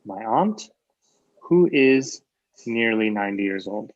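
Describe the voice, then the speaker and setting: A man teaches an English grammar lesson online, explaining through examples, repeating key phrases and checking in with "right?" again and again. His lowish voice is animated and slow, and the recording sounds lo-fi and dull.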